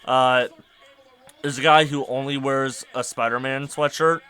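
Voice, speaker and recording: Bright-voiced young man ranting. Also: mid-range voice, steady tone, unhurried, clear, resonant tone. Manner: exasperated ranting, rising to near-shouts. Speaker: podcast host. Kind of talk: casual podcast rant.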